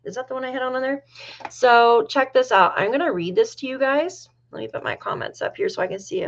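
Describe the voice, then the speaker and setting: A woman's voice: sits high, sing-song, a little fast, lo-fi sound. A middle-aged woman from New York hosting a casual livestream, chatting with viewers and reading their comments aloud. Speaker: livestream host.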